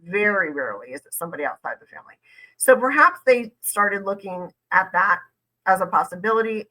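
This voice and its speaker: A woman's voice: on the low side, sharp tone, low-quality recording. A woman lawyer giving conversational reaction commentary, emphatic and repeating points for stress.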